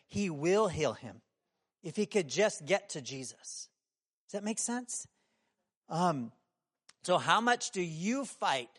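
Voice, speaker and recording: High-voiced preacher asking questions. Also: male voice. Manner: conversational, asks the room many questions; acts out quoted voices, shouting at times. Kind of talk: sermon.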